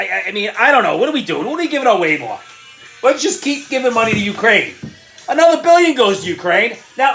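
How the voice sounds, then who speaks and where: An indignant middle-aged man with an Irish accent rants through his commentary with sarcastic jabs and stumbling restarts. His voice leaps up and down in pitch and breaks into shouts. Faint music sits underneath. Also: echoey room. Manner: indignant, ranting, bursts into shouting. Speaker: commentary show host. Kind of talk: ranting opinion commentary.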